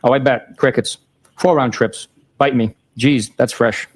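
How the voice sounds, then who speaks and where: Through a courtroom microphone, a man reads texts aloud at a measured pace. He gives each date and time plainly, then the messages, holding an even, matter-of-fact flatness in his middle-register voice even when the texts tease.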